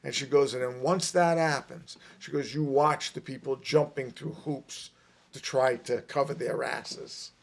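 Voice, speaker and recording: Emphatic gravelly man telling a story. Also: mid-range voice, a little slow. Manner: emphatic, animated storyteller, repeats himself. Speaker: podcast guest. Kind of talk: casual storytelling.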